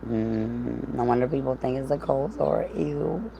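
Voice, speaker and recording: A woman's voice: rumbling low, measured pace, vocal fry, background noise. A woman chatting casually on a livestream, rambling and profane, with frequent laughs.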